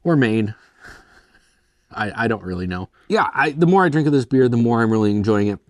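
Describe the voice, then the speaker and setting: A man's voice: mid-range voice, animated, brisk, no echo, studio quality. A young man from Michigan hosting a casual solo beer review, rambling and self-deprecating, full of "like" and "kind of". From Michigan, USA. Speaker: beer reviewer, show host.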